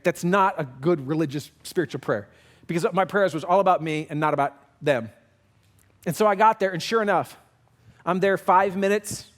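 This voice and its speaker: A man preaching a sermon as pastor, telling a candid, self-deprecating story and moving between loud emphatic lines and hushed quiet ones. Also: medium pitch.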